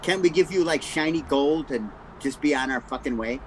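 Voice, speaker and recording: A man's voice: a little high, moderate pace, very noisy. Exasperated man at a game table. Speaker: player. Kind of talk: casual tabletop play.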